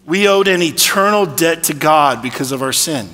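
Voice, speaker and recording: A man's voice: fairly high pitch, lively intonation, normal speed, sharp tone, in a large hall. A man preaching a sermon as pastor, talking conversationally and asking rhetorical questions. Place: church sanctuary.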